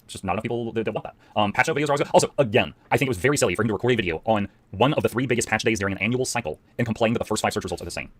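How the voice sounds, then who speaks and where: A man explaining his views as a content creator, talking quickly with many fillers. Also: fairly low pitch, fairly bright tone. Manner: fast, explanatory, filler-heavy. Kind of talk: clip played on stream.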